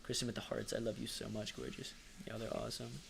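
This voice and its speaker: A man's voice: mid-range voice, little pitch movement, fast talker, creaky, a bit bright, slight background noise. A man hosting a casual livestream, speaking affectionately and supportively with many fillers, reading viewer comments aloud. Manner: reads chat comments aloud. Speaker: livestream host.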